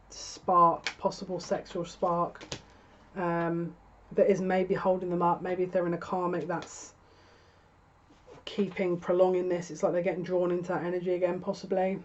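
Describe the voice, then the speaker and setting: A woman's voice: lowish voice, highs cut off, slight background noise. A woman giving a tarot reading to camera, musing and thinking aloud with frequent restarts. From United Kingdom. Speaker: tarot reader.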